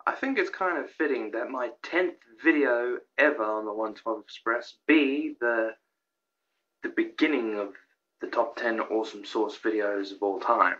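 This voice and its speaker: A young man talks in a casual, rambling way, getting excitable and tripping over his words as he restarts sentences. His voice sits at an ordinary pitch, and the home recording sounds a little dull and lo-fi. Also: measured pace. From Australia. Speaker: YouTuber presenting a countdown of his own videos. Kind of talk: casual vlog commentary.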